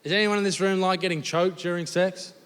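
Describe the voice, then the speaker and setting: Brash Australian comedian in a hall. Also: male voice, high voice, fairly even intonation, brisk, fairly bright tone, smooth. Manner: crude, brash storytelling with swearing. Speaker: stand-up comedian. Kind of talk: stand-up comedy set. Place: comedy venue with live audience. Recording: live hall reverb, faint noise.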